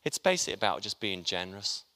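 A man's voice: fairly low pitch, sing-song, quick pace, bright, forceful tone. A man preaching a sermon, chatty and joking with his congregation as he talks. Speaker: pastor. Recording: long hall reverb.

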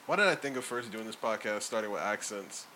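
A man's voice: on the low side, quick pace, pushed and bright. A man hosting a podcast, joking and laughing in casual, profane banter with friends at home. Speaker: podcast host. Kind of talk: casual chat among friends. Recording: noisy home recording.

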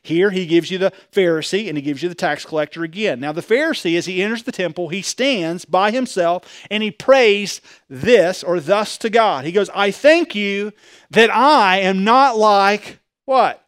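Man, pastor, conversational sermon, high voice, dry close sound. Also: expressive, moderate pace, hardly any pauses, no echo. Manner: conversational preaching, swings between loud emphasis and quiet asides.

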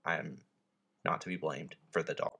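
A man co-hosting a casual podcast chat about movies, joking and telling stories in an animated, chatty way. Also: extremely low pitch, moderate pace, creaky, slightly rough. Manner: chatty, jokey, animated storyteller. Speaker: podcast co-host.

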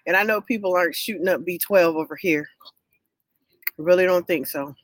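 A woman co-hosting a casual podcast chat with her husband, chatty and quick to laugh. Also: on the low side, no room sound. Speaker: podcast co-host.

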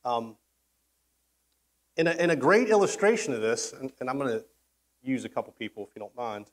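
A man's voice: mid-range voice, very animated, fairly quick. A man preaching a sermon in a casual, conversational way, acting out quoted voices and often restarting his sentences. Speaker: pastor.

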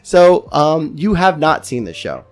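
A man hosting a casual podcast, excitable and profane, laughing as he talks. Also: fairly high pitch, a little slow, faint music behind. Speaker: podcast host.

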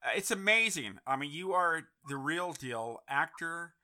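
A man's voice: on the high side, expressive, measured pace, sharp tone. A man hosting a casual interview, talking in an enthusiastic, encouraging and rambling way. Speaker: host.

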